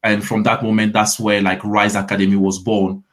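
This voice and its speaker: A man's voice: on the low side, level tone, moderate pace. A man in his thirties from Ivory Coast with a French accent, a fitness coach answering interview questions in a friendly way with frequent restarts. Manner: friendly, repeats words while starting sentences.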